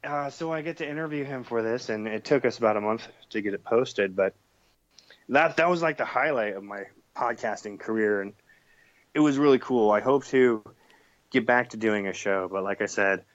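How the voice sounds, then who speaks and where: A man's voice: medium pitch, normal speed, dry recording. A man talking as a podcast guest in casual chat, chatty and laughing, with many fillers. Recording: dull lo-fi sound.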